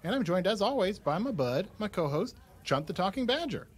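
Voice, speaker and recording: Slightly high guy hosting a comedy podcast, flustered, trips over words. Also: big pitch swings, a little fast, breathy edge. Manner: earnest, flustered, stumbling. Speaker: podcast host.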